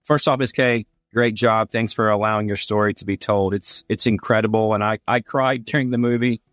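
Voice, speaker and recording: A man's voice: on the low side, steady tone, brisk, fairly bright tone, no echo, studio quality, soft background music. A man hosting a podcast who is friendly and upbeat and praises his guest. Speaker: podcast host. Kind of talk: podcast intro and interview.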